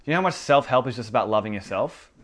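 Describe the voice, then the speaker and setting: A man in a casual faith talk, retelling a movie scene and acting out its dialogue, rising to loud emphatic bursts. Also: medium pitch, animated, quick pace.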